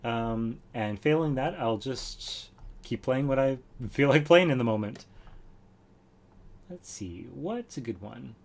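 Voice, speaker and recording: A man's voice: medium pitch, animated, slow, creaky, background noise. A man hosting a music livestream, chatting casually between songs, thanking viewers and taking requests in an easygoing way. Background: acoustic guitar playing.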